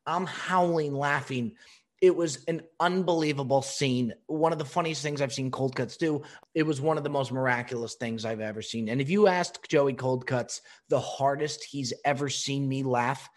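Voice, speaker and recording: A man hosting a podcast, telling a funny story in a lively way and answering voicemails. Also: medium pitch, normal speed. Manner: animated, laughing storyteller. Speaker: podcast host.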